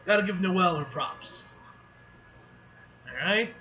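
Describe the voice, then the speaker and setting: A man hosting a casual manga reaction video, animated and exclaiming, swearing freely as he reads along. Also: a little high, moderate pace, dull audio, noisy background.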